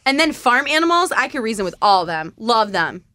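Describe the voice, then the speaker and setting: A playful woman in a casual podcast chat who laughs a lot. Her voice sits a little high for a woman and moves through a wide range. The recording is close and dry. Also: big pitch swings, a little fast, sharp tone, dry recording.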